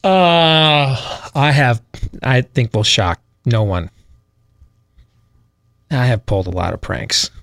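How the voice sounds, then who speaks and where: A man from Michigan, a radio talk show host, telling a long story in a rambling, animated way with many fillers and laughs. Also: medium pitch, slow, vocal fry, pauses often, no echo, clean studio sound. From Michigan, USA.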